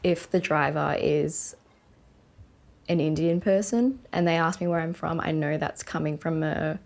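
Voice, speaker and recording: Young woman, low and creaky, speaking candidly with fillers over soft music. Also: fairly even intonation, a little slow. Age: young adult. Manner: reflective, many "like" and "um" fillers. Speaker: interviewee. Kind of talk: candid testimonial.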